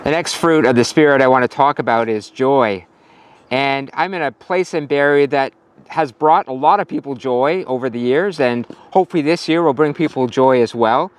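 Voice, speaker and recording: A man's voice: mid-range voice, moderate pace, smooth. A male pastor giving a casual sermon outdoors at a farm, telling a story with some fillers.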